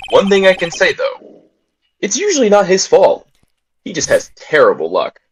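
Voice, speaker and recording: A man's voice: high-pitched, wildly swooping pitch, moderate pace, pitched above the performer's own voice. A man voicing a nervous young defense attorney, narrating earnestly while reading a game aloud. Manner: earnest first-person narration. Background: game music.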